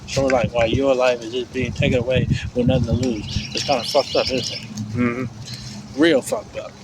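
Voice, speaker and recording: A man's voice: mid-range voice, expressive, normal speed. Rambling, cursing man ranting outdoors. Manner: rambling, repetitive, profane. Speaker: vlogger. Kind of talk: casual rant. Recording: outdoor street noise.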